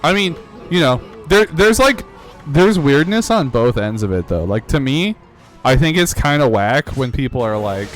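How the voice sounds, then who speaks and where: A man streaming a video game, talking in a loose, rambling way full of "like" and quick laughs. His voice sits in an ordinary middle pitch, with faint game music under him. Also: animated. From United States. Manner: rambling, laughs often, lots of fillers. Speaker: streamer hosting a game playthrough. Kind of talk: casual chat while gaming.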